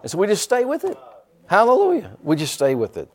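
Lively, animated male preacher. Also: high voice, fairly quick. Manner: animated preaching with call-and-response and repeated phrases; folksy, joking asides. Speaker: pastor. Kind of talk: sermon.

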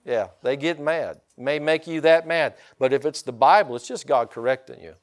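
Speaking at a normal speed with a slightly high voice, an older pastor from Indiana preaches in a homespun, folksy manner. He frequently calls for amens from those gathered.

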